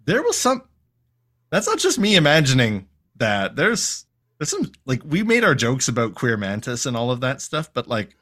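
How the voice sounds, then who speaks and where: At a medium pitch and normal speed, this co-host casually summarizes a cartoon episode on a podcast. His manner is lively and humorous, with lines acted out in silly put-on voices.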